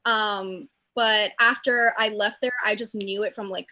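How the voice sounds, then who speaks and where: A woman's voice: mid-range voice, steady tone, a little slow, bright, forceful tone. A woman chatting casually on a video call, full of "like" and "um". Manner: chatty, lots of "like" and "um". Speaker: cast member at a reunion.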